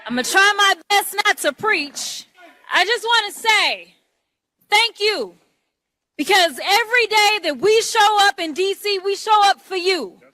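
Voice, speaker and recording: Fiery high-voiced woman at a rally. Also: animated, a little slow, no room sound. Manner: fiery, shouting, cussing. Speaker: politician. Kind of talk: rally speech.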